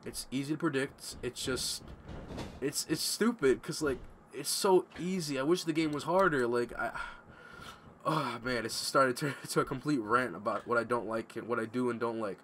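A man's voice: medium pitch, moderate pace, fairly bright tone, a little hiss or hum. A young man giving casual, ranting gameplay commentary at home, swearing freely. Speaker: gamer commentator. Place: home room.

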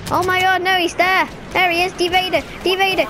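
A woman giving casual, excitable commentary while playing a video game, chatting away and breaking into sudden high squeals. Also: brisk, noisy background.

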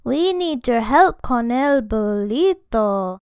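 A woman's voice: fairly high pitch, lively intonation, slow, darkish tone, smooth, no echo, clean studio sound. A woman voicing the smallest of the male chihuahuas, breathless and timid. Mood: pleading. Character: tiniest male chihuahua, nervous and trembling.

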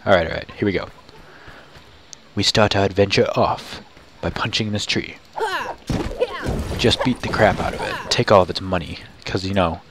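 A goofy man with a fairly low voice narrates his game playthrough in a loose, joking way. He keeps breaking into sudden high yelps of excitement. A faint hiss sits under the recording. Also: a little fast. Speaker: gamer. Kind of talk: casual let's play commentary.

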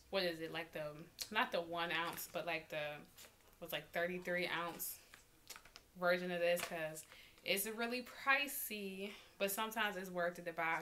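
A woman vlogger talking casually and excitedly to her viewers as she unboxes and tries on a small clothing haul. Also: on the low side, slight background noise. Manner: chatty and excitable, talks straight to viewers.

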